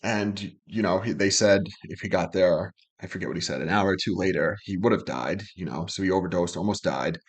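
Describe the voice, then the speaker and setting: A man's voice: low voice, brisk, few pauses, husky. Earnest man breaking down lyrics. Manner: earnest, talks through lyrics with fillers. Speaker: music reaction host.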